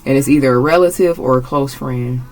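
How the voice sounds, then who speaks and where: A woman's voice: very deep voice, fairly quick, a little mellow, low-quality recording. A woman giving a casual tarot reading, blunt and emphatic, swearing freely and repeating her phrases. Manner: emphatic, gets agitated. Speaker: tarot reader.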